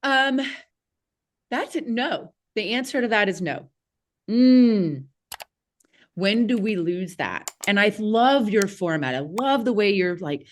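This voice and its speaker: A woman, a podcast guest telling a childhood story in a casual, animated way with frequent laughs and fillers. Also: mid-range voice, slow pace. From Southeast Missouri, USA.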